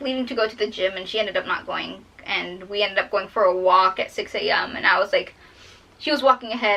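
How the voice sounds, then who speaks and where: A woman's voice: a little high, sharp tone, poor audio. A young woman vlogger telling a personal story while drawing, fighting back tears and rambling with many fillers.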